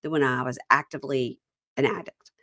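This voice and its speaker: A woman's voice: extremely low pitch, little pitch movement, a little fast, bright, forceful tone. A woman hosting a podcast, chatting casually and retelling scenes from a reality show at length. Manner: retells scenes at length, quoting cast members. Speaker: podcast host.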